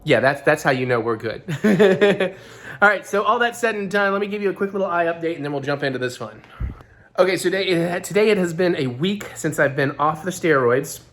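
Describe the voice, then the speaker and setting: Fast-talking hoarse man vlogging. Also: a little high, expressive. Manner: rambling, talkative, self-deprecating asides. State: hoarse, gravelly voice. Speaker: vlog host. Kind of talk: casual vlog chat.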